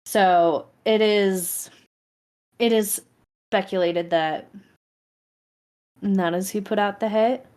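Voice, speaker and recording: A woman co-hosting a podcast who tells the story in casual chat, explaining her research in a measured way. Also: mid-range voice, fairly even intonation, darkish tone. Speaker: podcast co-host presenting the story.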